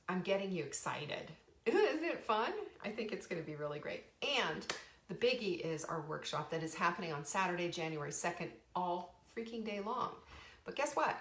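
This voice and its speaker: Hosting a live show, a middle-aged woman chats casually in a bubbly, enthusiastic manner, often restarting. Her mid-range voice is fairly bright, with slight background noise and a roomy echo.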